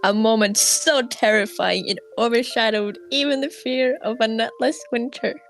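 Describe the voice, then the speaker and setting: A woman reading a children's bedtime story aloud in turns, soft-spoken, a little shy and giggly, with soft music behind her. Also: fairly high pitch, normal speed, rough recording. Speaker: storybook reader.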